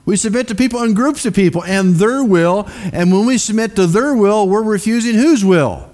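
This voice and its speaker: A man's voice: high-pitched, normal speed, a little mellow. A man preaching a sermon in a casual, conversational way, often putting questions to the congregation. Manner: many fillers and restarts. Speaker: pastor.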